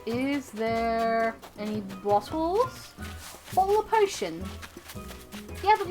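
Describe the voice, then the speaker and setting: A high-voiced woman chats her way through a live game stream, rambling and repeating herself as she plays. Faint game music runs underneath her voice. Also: expressive, takes it slowly, pauses often, darkish tone. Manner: chatty, rambling, repeats phrases. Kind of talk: casual live game commentary.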